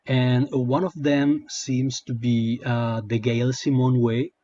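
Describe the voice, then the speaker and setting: A man's voice: mid-range voice, little pitch movement, slow pace, dark tone, dry recording. A man doing a casual commentary rant, hesitant and full of fillers, with a sarcastic edge. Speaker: online commentator. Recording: dull lo-fi sound.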